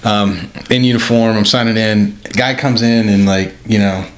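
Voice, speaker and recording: A man in his fifties, a guest on a podcast, telling an animated story from his career with frequent laughs. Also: on the low side, moderate pace. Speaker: podcast guest, retired Special Forces officer. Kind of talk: casual storytelling interview. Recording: echoey room with faint noise.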